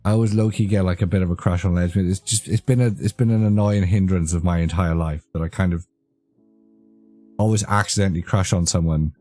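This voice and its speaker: A man's voice: low voice, steady tone, a little fast, warm tone. A young man chatting casually with his live-stream audience, rambling and joking, easily amused. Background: faint background music.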